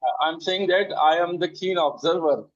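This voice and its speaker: A man hosting an interview, asking questions hesitantly with many pauses and fillers. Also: fairly high pitch. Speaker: interview host. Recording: dull lo-fi audio.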